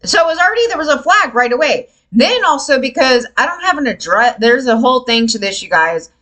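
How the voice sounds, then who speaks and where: A woman vlogger ranting casually to camera, frustrated and animated, swearing freely and mimicking others. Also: high voice, fairly quick, low-quality recording.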